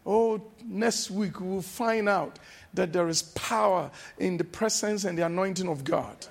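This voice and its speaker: A man preaching a sermon as pastor, slow and emphatic, repeating refrains and breaking into shouted exclamations. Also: sits high, vocal fry.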